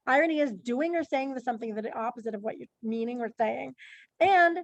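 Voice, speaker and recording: Female teacher, online lesson, high pitch, creaky edge, keeps quizzing students by name. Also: lively intonation, a little fast, no echo, highs cut off. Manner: questioning, chatty, calls on students by name. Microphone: computer mic on a video call.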